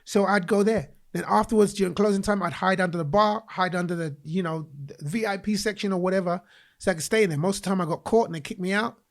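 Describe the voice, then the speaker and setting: Gravelly man telling his story. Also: sits high, fast talker. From England. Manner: animated, acts out quoted voices, laughs mid-story. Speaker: guest. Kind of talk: personal storytelling in a podcast interview.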